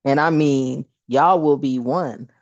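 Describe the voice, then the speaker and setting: A woman's voice: extremely low pitch, takes it slowly, darkish tone, dry recording, dull audio. A woman doing a casual spiritual tarot card reading, chatty and emphatic, with slangy asides and frequent laughs.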